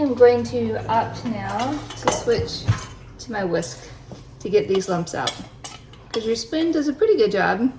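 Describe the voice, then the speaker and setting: A woman's voice: a little high, background noise. Chatty woman cooking in her kitchen. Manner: chatty, explains as she goes. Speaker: home cook demonstrating a recipe. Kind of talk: casual cooking tutorial. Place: home kitchen.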